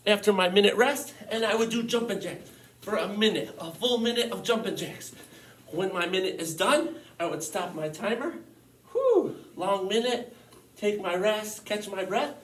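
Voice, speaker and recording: A man's voice: high voice, moderate pace, a bit bright. A man teaching a home workout lesson, upbeat and encouraging, a little out of breath from demonstrating the exercises. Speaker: physical education teacher. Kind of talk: casual online lesson. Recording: echoey room, mic at a distance.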